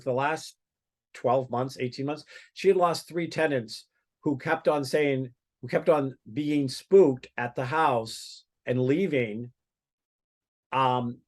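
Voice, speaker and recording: A man's voice: medium pitch, a little slow. Podcast guest, man, chatty storyteller, trips over his words. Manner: rambling, many restarts and fillers. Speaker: guest psychic medium. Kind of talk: casual storytelling.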